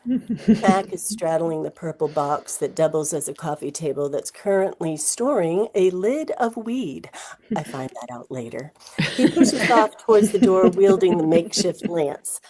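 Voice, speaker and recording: A middle-aged woman reading her own memoir aloud in an expressive storytelling manner. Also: lowish voice, measured pace, slight background noise. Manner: expressive storytelling, voices quoted speech. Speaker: memoir reader, teacher.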